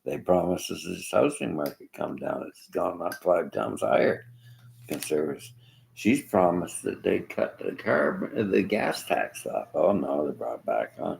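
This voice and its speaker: A man holds forth on politics in a very deep, gravelly voice. He rambles and jabs bluntly at whoever disagrees with him. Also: sing-song, a little slow, poor audio. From Canada. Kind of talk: political rant to viewers.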